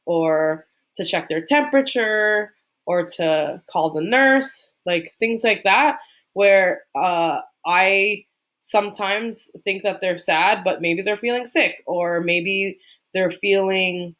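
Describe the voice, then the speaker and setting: A young adult woman teacher explaining in a casual, relaxed way, with many "um" and "like" fillers. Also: medium pitch, takes it slowly. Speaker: special education teacher. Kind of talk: casual instructional talk.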